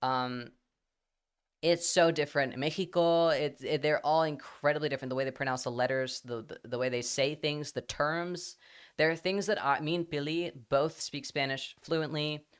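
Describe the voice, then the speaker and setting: A young man chatting casually on a livestream, rambling with lots of fillers and the odd swear word, and getting animated as he talks. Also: a little high, moderate pace, clear, resonant tone.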